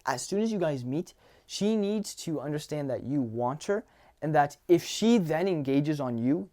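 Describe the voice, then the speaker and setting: A young man talking casually as a dating coach, animated and swearing, acting out lines from his own conversations. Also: fairly high pitch. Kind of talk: casual advice monologue.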